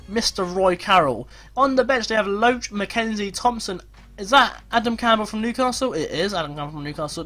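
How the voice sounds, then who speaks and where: A young man doing Let's Play commentary on a football management game, swinging from glum muttering to loud shouts. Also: high voice. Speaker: gaming YouTuber.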